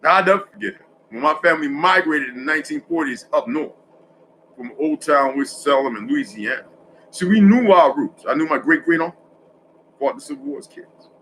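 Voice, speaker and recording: A man's voice: on the high side, lively intonation, fairly quick, slight background noise, low-quality recording. Rambling man in a casual monologue. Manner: rambling, self-correcting, swinging between loud and hushed.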